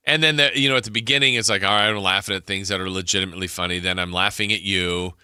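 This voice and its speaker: A sports radio host with a low, bright, forceful voice. He talks in a loose, rambling way and lets his sentences trail off. The sound is close and dry in a studio. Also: fairly even intonation, quick pace, clear, resonant tone, no echo. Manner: rambling, laid-back, trailing off. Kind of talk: casual chat and show segue.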